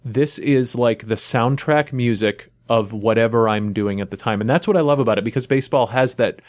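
A man in relaxed podcast chat with a middle-pitched voice. The sound is dry and close, with no room echo, and he talks in an easy, reflective way. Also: a little fast. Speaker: podcast co-host. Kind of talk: casual chat.

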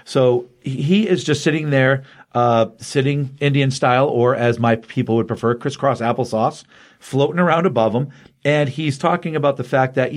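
With a medium pitch and normal speed, a middle-aged host rambles enthusiastically through a comic book storyline during a casual chat, his speech full of fillers.

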